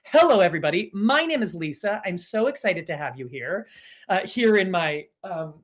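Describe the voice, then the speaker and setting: A woman's voice: on the low side, big pitch swings, normal speed. Bubbly chatty woman hosting a live stream. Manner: bubbly, chatty, easily distracted. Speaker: online improv show host. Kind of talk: live stream welcome and shout-outs. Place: her living room.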